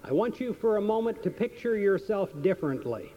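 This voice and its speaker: A man's voice: high-pitched, big pitch swings, fairly quick, a little hiss or hum. A man giving a motivational seminar, telling stories earnestly and repeating his key questions, on a dull lo-fi recording. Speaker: seminar speaker. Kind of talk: motivational seminar talk with storytelling.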